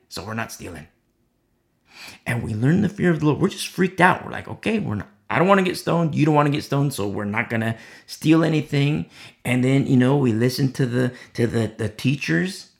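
A man's voice: mid-range voice, big pitch swings, a little fast, creaky. A man giving an informal sermon who acts out the voices of imagined onlookers as he tells the story. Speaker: Bible teacher.

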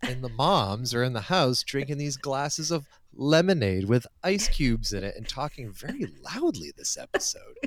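A man's voice: mid-range voice, moderate pace, few pauses, dry recording. A man in his thirties from the United States, chatting and joking as a podcast co-host. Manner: animated, joking, swears casually. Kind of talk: casual chat.

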